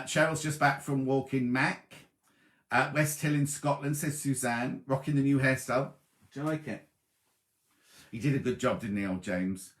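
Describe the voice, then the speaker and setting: A man hosts a relaxed sewing broadcast, greeting viewers one by one with chatty asides. His pitch swings a lot as he talks. The room around him sounds roomy and echoey. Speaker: sewing show host. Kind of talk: casual chat reading viewer comments.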